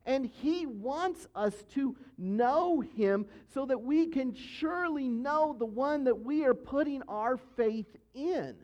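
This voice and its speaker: A high-voiced pastor delivers an earnest, emphatic sermon, circling back to drive his points home. The recording sounds dull and lo-fi, with the top end rolled off. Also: expressive, slow, hardly any pauses, a little mellow. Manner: earnest, emphatic teaching with repetition.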